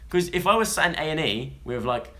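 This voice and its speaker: Young male vlogger, bright and forward tone, chatty and jokey, prone to tangents. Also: a little high, animated, fairly quick. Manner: chatty, jokey, rambling asides. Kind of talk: casual chat, reading news stories to a live audience.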